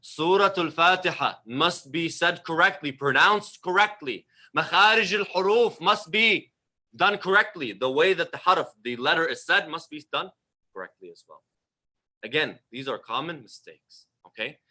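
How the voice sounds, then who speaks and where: A religious lecturer gives a livestreamed talk in a conversational, emphatic way, asking the audience questions and repeating phrases. His voice trails off at the ends of phrases. It is a little high with lively intonation, normal speed, and a pushed, bright quality.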